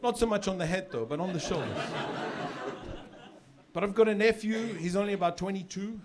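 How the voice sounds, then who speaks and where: A middle-aged man from South Africa doing a stand-up comedy set on stage, chatty and loose, with sudden shouted punchlines. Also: high-pitched, expressive, a little fast, background noise. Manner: conversational, with filler repeats and sudden shouted punchlines. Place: comedy stage with a live audience. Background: audience laughter.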